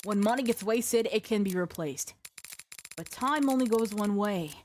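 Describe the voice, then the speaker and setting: A woman's voice: medium pitch, normal speed, darkish tone, voice pushed down, natural voice. Girl doing a bossy little mafia boss boy, lecturey, faint hiss. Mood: lecturing. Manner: commanding, lecturing. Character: haughty young male mafia heir, stern and pompous. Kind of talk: game dialogue read aloud.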